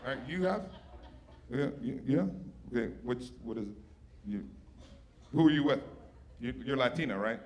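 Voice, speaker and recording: A man's voice: medium pitch, animated, moderate pace, long pauses. A man doing a stand-up set, teasing the audience with brash, profane crowd work. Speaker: stand-up comedian. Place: stage before a live audience. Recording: live show with loud audience laughter.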